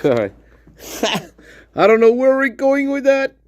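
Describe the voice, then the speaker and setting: Male livestream host, slow and profane, lively pitch, dry close sound. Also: no echo. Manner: profane, rambling, laughs often. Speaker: host of a one-man show. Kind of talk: casual livestream chat.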